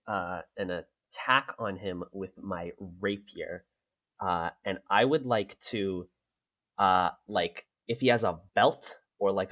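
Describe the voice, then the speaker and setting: A man's voice: low-pitched, a bit bright. A man playing a tabletop game, describing his moves casually and hesitantly. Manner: casual, hesitant, lots of fillers. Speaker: player.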